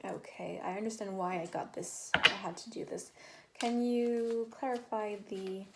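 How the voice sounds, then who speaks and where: A woman's voice: medium pitch, steady tone, measured pace, heavy background noise. Chatty woman rambling through a tarot reading. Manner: chatty, rambling, many fillers and restarts. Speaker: tarot reader. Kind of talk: casual tarot reading to camera.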